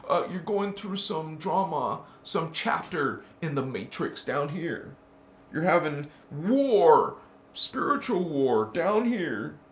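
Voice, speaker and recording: A man's voice: fairly high pitch, fairly bright tone, a little hiss or hum. A man hosting a spiritual channel, talking casually and playfully, laughing often and calling the listener honey. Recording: roomy echo.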